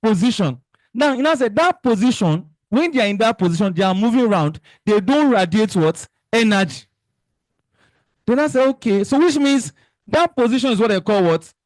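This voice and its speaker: A young man with a Nigerian accent teaching an exam revision lesson, animated and joking, quizzing his students with fill-in questions. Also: sits high, normal speed, no room sound. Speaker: chemistry teacher.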